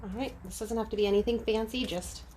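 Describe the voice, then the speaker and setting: A woman who runs her own DIY channel talks viewers through a craft project step by step, in a casual, friendly how-to narration. She speaks fast in a slightly high, steady voice, over a noisy background.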